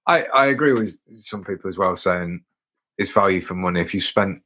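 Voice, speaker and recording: A man with a very low voice chats on a podcast in an easygoing way. He often stumbles and repeats words as he gathers his thoughts. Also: expressive, normal speed, sharp tone. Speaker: podcast co-host, actor. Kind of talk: casual podcast chat.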